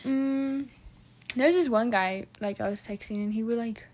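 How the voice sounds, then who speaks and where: A young woman chats casually about dating in a slightly high voice, full of fillers and sarcastic asides. She laughs easily and keeps the talk loose and informal. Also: measured pace, a little mellow.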